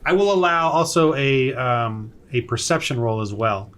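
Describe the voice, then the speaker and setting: A man running a tabletop game as game master, relaxed and hesitant, with many fillers, talking over a home computer mic on a voice call. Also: medium pitch, normal speed, slight background noise.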